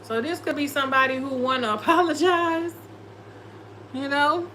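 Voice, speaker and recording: A woman's voice: sits high, normal speed, pushed and bright, a little hiss or hum, poor audio. A woman doing a casual tarot reading, sassy and profane, often slipping into quoted voices. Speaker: tarot reader.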